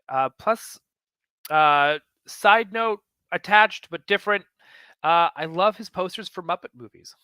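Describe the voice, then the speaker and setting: Enthusiastic man with a bright clear voice. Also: fairly high pitch, dry recording. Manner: enthusiastic, rambling with many fillers. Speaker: host of a collecting show. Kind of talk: casual chat flipping through a magazine.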